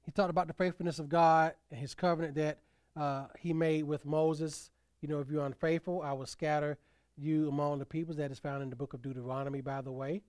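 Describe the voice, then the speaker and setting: A male pastor preaching a sermon, building to emphatic peaks and letting phrase endings fall soft and low. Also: little pitch movement, a little fast, no echo, clean studio sound.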